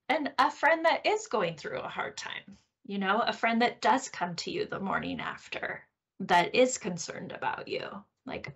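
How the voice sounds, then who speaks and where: A woman hosting a podcast, teaching a course session in a gentle, explaining way with frequent tag questions. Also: on the high side, sing-song, measured pace, slightly rough. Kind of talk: teaching a recorded course talk.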